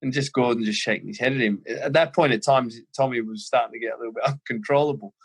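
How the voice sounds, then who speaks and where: A man's voice: mid-range voice, fast talker, husky. Aussie guy in his 30s, chatty footballer telling stories, laughs a lot. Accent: Australian. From Australia. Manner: lively anecdote-telling, laughs often. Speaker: former footballer, guest. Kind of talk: casual storytelling interview.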